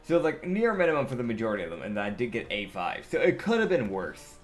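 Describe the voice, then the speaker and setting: A man's voice: medium pitch, sing-song, quick pace, soft background music. A man playing in a tabletop game, chatting casually and swearing freely. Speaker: player.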